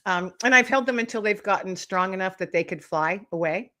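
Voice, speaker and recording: A middle-aged woman, a guest author, telling lively anecdotes in casual chat, acting out little voices and laughing often. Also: mid-range voice, fairly quick. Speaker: guest, author and podcast host.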